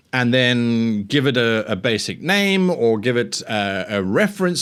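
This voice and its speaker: A man's voice: mid-range voice, fairly bright tone. A man hosting a show, giving tabletop game master advice in a chatty, self-deprecating way. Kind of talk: casual instructional talk.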